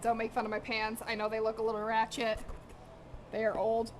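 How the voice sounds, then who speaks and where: A woman's voice: fairly high pitch, monotone, brisk, very noisy. A young woman chatting casually with her live-stream viewers while she cooks, slangy, direct and a little out of breath. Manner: chatty, slangy, talks straight to her chat. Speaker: cooking streamer. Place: home kitchen.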